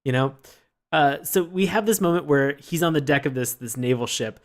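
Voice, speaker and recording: A man co-hosting a podcast, chatting casually about a cartoon, often laughing and acting out lines in a high yelp. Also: moderate pace. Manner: laughs often, acts out quotes in high yelps. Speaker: podcast co-host. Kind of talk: casual review chat.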